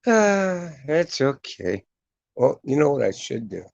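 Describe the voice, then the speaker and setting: Gravelly-voiced man, crude casual chat. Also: medium pitch, sing-song, takes it slowly, darkish tone, no echo. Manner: chatty and crude, swears freely. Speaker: host. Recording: dull lo-fi dry recording.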